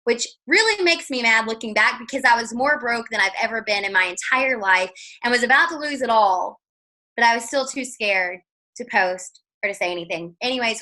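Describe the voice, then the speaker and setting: Bright-voiced chatty woman. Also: a little high, low-quality recording. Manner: chatty, animated storytelling with quoted dialogue. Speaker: guest speaker. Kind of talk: casual storytelling on a video call. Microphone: video call.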